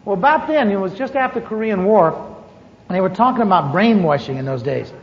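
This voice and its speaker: Speaking high and briskly, this older man shares a lively testimony story, playing out the dialogue as an animated storyteller. His voice echoes around a hall on a dull, lo-fi recording with faint hiss underneath.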